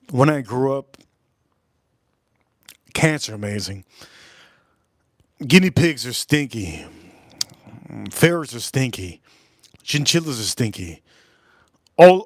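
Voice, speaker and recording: A young man hosting a livestream, chatting casually and rambling excitedly from one topic to the next. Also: mid-range voice, no room sound, clean studio sound. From South Florida. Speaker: livestream host.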